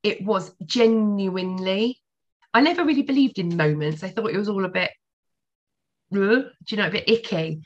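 A woman's voice: mid-range voice, normal speed, dull audio. A woman in her forties, a podcast guest telling her personal story candidly, swearing freely.

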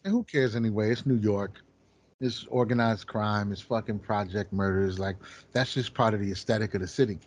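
Husky man telling stories casually. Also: fairly low pitch, fairly quick. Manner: animated storytelling, profane, acts out quotes. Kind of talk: casual chat.

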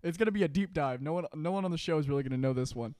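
A young man chatting casually as a podcast co-host, animated and self-deprecating. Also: fairly high pitch, very fast, no echo, clean studio sound. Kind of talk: casual chat.

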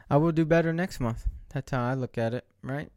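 A man in his late twenties with a mellow, medium-pitched voice vlogs indoors under bright lights. The sound is dry and clean, studio quality. He rambles in a casual monologue, joking about himself and starting over frequently.

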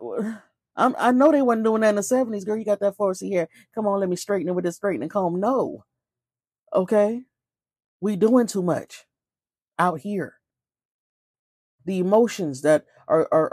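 Husky-voiced woman, emphatic and preachy. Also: low-pitched, mellow, no echo, studio quality. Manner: emphatic, preachy, with rhetorical questions. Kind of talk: casual spiritual talk.

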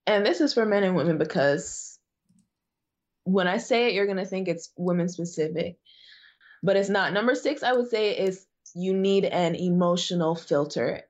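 A woman appears as a guest evangelist in a podcast conversation, preaching emphatically and repeating phrases for emphasis. Her voice is on the low side and a little mellow, and the audio sounds dull.

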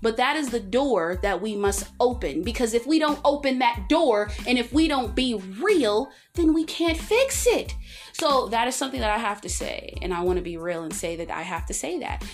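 A woman hosting her own podcast, talking candidly and expressively, with big swings in pitch and loudness for emphasis. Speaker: podcast host. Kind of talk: candid solo podcast monologue.

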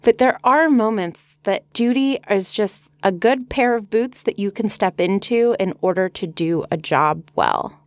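A woman's voice: mid-range voice, measured pace, few pauses, dry recording. A woman co-hosting a podcast, talking in an earnest, reflective way in casual conversational discussion. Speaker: podcast co-host.

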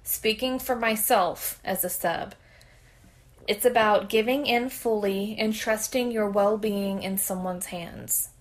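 A woman's voice: medium pitch, steady tone, takes it slowly. A woman podcast host reading a submitted story aloud in a candid, conversational way.

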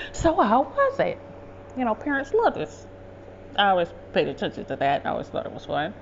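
A woman's voice: mid-range voice, darkish tone, slight background noise. Woman podcaster with a mid-range voice, rambling and casual, dull lo-fi recording. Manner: rambling, self-correcting, conversational. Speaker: podcast host. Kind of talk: casual storytelling monologue.

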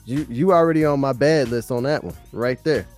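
A man's voice: medium pitch, a little fast. Chill guy chatting on a podcast, mid voice, just vibing and agreeing, faint music back there. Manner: easygoing, agreeing, laid-back. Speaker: podcast co-host. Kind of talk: casual chat.

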